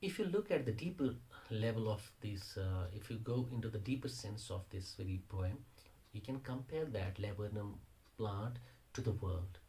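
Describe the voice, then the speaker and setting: A man's voice: on the low side, animated, moderate pace, dark tone, poor audio. A man, a teacher explaining a poem in a lesson, restating lines and rephrasing phrases as he goes. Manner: repeats and rephrases phrases while searching for words. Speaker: English teacher.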